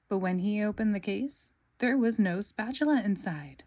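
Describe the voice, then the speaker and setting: A woman, a parent, reading a storybook aloud with clear, expressive narration. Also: fairly low pitch, normal speed, hardly any pauses.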